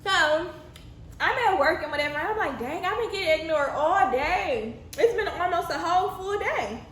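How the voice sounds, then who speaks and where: A young woman telling a story in a casual, animated way, swearing freely and sounding exasperated. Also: very high-pitched, normal speed, slight background noise. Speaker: storytime vlogger. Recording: echoey room.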